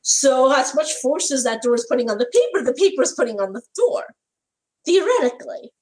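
A woman's voice: high voice, sing-song, fairly quick, darkish tone, husky, poor audio. A woman co-hosting a casual chat, sharing blunt opinions about a TV episode. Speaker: podcast co-host.

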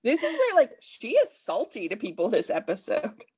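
A woman's voice: fairly high pitch, wildly swooping pitch, moderate pace, darkish tone, slightly rough. A woman co-hosting a casual talk show, reacting to a TV episode with enthusiasm and laughter. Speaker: podcast co-host. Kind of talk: casual chat.

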